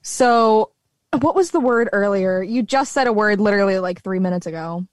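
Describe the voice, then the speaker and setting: A woman's voice: mid-range voice, moderate pace, dry recording, studio quality. A young woman with a slight Southern US accent chatting animatedly and laughing often. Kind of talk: casual chat.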